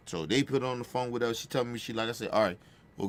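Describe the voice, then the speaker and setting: A man's voice: mid-range voice, lively intonation, very fast, a bit bright. A man telling a casual, profane family story, checking in with the listener by often asking "right?". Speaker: podcast host.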